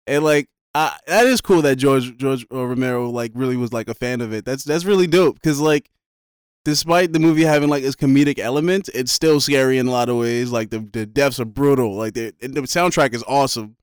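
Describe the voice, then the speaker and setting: A man co-hosting a podcast, chatting about a movie in a relaxed, slangy way and laughing often. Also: medium pitch, brisk, smooth, no echo, studio quality. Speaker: podcast co-host. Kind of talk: casual movie discussion.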